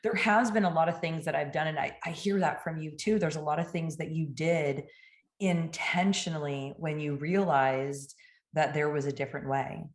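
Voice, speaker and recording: A woman hosting an interview, responding to her guest with warm, affirming empathy. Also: low-pitched, fairly even intonation, normal speed, reverberant. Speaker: host and coach. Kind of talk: interview conversation.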